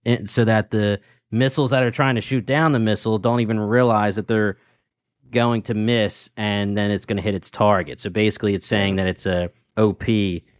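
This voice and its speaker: A man's voice: on the low side, steady tone, moderate pace, smooth, no echo, clean studio sound. A man co-hosting a podcast, easygoing and laughing often as he chats about a TV show. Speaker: podcast co-host. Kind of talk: casual chat.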